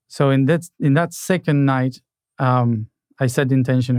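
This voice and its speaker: A man talking reflectively in a conversation, halting with many pauses and fillers. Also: mid-range voice, fairly even intonation, a little mellow, clear, resonant tone, dry recording.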